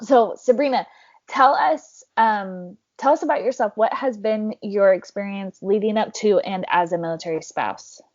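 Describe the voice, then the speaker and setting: A woman's voice: medium pitch, moderate pace, no echo, highs cut off. A woman hosting a podcast, bubbly and gushing as she introduces her friend, her voice wearing out. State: voice giving out. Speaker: podcast host.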